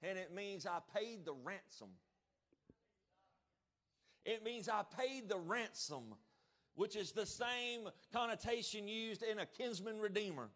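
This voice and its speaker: A male pastor preaching a sermon, emphatic, checking in with the congregation and shouting out now and then. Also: high voice, animated, a little slow, pauses often. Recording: long reverb of a church hall.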